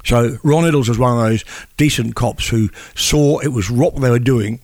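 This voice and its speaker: A man's voice: medium pitch, moderate pace, a little mellow, no echo. An older man, a veteran journalist talking in casual chat and often repeating words as he thinks.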